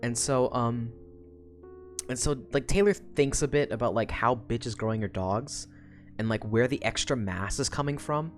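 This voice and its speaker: A woman's voice: very deep voice, moderate pace, soft background music. A woman streamer chatting casually through a book recap, swearing freely and rambling with fillers.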